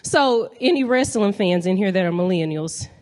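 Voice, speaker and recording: A woman in her thirties from North Carolina with a Southern accent, doing a stand-up comedy set with animated crowd-work banter. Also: medium pitch, moderate pace. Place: comedy club stage.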